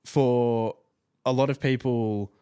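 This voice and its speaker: A man's voice: medium pitch, fairly even intonation, slow pace, dark tone, smooth, dry recording, clean studio sound. A young man co-hosting a music podcast in casual, playful chat that often trails off. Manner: laid-back, playful, trails off. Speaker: podcast co-host.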